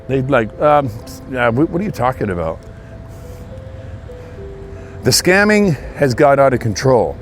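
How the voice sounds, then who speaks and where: A man from Canada talking casually while out on a walk, earnest and indignant, with a preachy edge. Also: medium pitch. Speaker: vlogger. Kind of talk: casual walking monologue. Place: outdoors on a walk near traffic.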